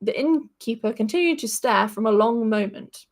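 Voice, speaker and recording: A woman's voice: on the high side, normal speed. Woman reading a story aloud. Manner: lively reading, breaking off for casual asides. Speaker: podcast host reading a story. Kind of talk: reading fiction aloud with asides.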